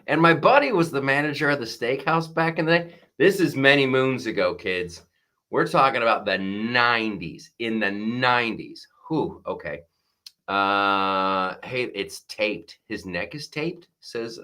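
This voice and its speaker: A male host of a live comedy stream with a bright, forceful tone and a lively, bouncing pitch. He talks in a casual, riffing way and reads out viewer comments between jokes. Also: unhurried.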